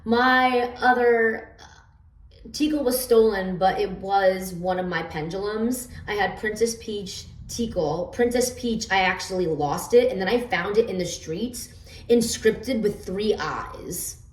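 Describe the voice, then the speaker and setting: A woman's voice: mid-range voice, slow. A woman casually explaining her homemade oracle cards, rambling with fillers and stammered restarts. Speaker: oracle card reader. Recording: roomy echo, distant from the mic.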